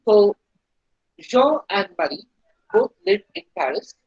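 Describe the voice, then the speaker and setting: A woman teaching a beginner French lesson, explaining slowly and patiently and repeating each phrase. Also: fairly high pitch, huge pitch swings, a little mellow, husky, no room sound. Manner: slow, patient explaining with repetition. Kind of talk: recorded language lesson. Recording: dull lo-fi recording.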